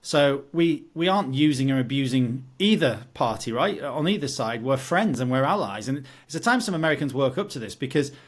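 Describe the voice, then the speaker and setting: A man's voice: mid-range voice, animated, fairly quick, few pauses. A British man co-hosting a casual political podcast, blunt and jokey, getting heated when he argues. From United Kingdom. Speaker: podcast co-host.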